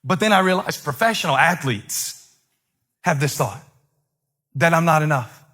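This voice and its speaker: A man's voice: fairly high pitch, lively intonation, normal speed, bright, forceful tone. A middle-aged male pastor preaching a sermon in a conversational way, joking with the congregation and breaking into emphatic surges. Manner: jokes with the congregation.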